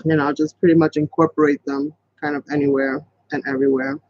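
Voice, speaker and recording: A chatty man with a fairly high voice leads a casual live craft tutorial, rambling along as he works. The sound is dull and lo-fi, and the voice comes through dry and close with little room around it. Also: level tone, fast, darkish tone, no echo. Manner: chatty, rambling, talks to viewers as "you guys". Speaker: craft channel host.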